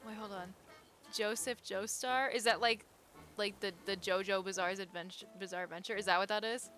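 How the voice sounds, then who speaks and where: A young woman chatting casually with her viewers as a live streamer, chatty and quick to get excited, laughing often. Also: mid-range voice, soft background music.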